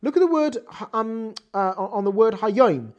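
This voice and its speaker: Unhurried yet animated, a Torah teacher leads a text study lesson, pelting listeners with rhetorical questions. His pitch rises and falls dramatically, and he reads Hebrew terms aloud as he goes.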